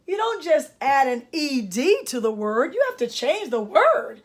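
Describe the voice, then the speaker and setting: This instructional grammar lesson comes from an older speech-language pathologist, who speaks emphatically and teacherly to parents and students. Her high-pitched voice swings widely in pitch at a measured pace.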